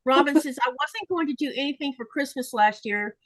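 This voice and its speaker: A woman's voice: sits high, a little fast, fairly bright tone, no echo, poor audio. A woman hosting a casual livestream chat, reading viewer comments aloud and sharing her own feelings.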